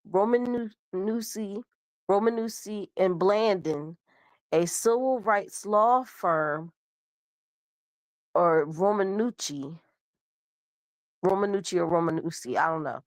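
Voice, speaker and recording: A woman's voice: medium pitch, no room sound. A young woman host with a cold, stuffed up, casually reading out a news story and stumbling over words. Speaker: show host.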